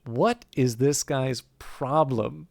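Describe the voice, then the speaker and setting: A man's voice: medium pitch, big pitch swings, normal speed, noisy background. A Canadian man voicing a baffled young male lawyer with dry, bemused asides. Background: game music.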